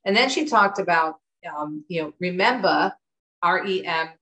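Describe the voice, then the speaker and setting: A middle-aged woman from the United States with a lowish voice talks as an interview guest. She tells stories in a lively, chatty way. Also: normal speed, rough recording. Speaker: author and guest. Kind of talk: conversational interview.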